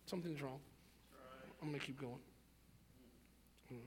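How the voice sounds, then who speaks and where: A man preaching a sermon, reading scripture aloud and swinging between quiet, low asides and loud, emphatic passages with repeated words for emphasis. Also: fairly even intonation, a little slow. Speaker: pastor.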